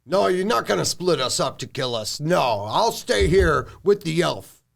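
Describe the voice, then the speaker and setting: Man voicing a gruff orc chief in a tabletop game, simple grammar, raised pitch, wary. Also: expressive, a little slow, exaggerated voice. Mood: threatening. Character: gruff blunt male orc chief, suspicious.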